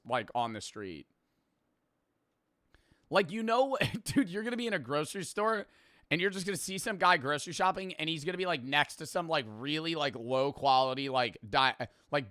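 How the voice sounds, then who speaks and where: Bright, crisp-voiced young man reacting. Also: a little high, dry recording, clean studio sound. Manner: profane, slangy, laughing asides. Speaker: streamer reacting to a video. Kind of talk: casual reaction commentary.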